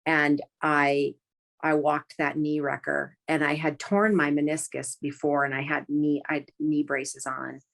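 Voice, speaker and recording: A low-pitched woman with a gravelly edge tells a personal story in conversation. She talks in an earnest, halting way, restarting sentences and filling gaps with small pauses. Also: flat delivery, a bit bright. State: close to tears. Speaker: guest.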